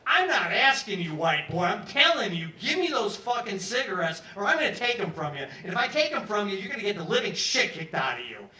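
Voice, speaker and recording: A man voicing a big, menacing jailhouse tough who swears loudly. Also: very animated, a little fast, few pauses, full character voice. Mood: threatening. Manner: loud, swearing and booming. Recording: roomy pub from far off.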